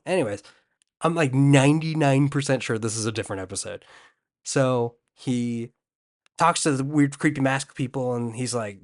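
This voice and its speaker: A young man rambles through a comedic recap, full of slang and loose asides. He drops casual voices for the characters without really changing his own, speaking at a middling pitch for a man.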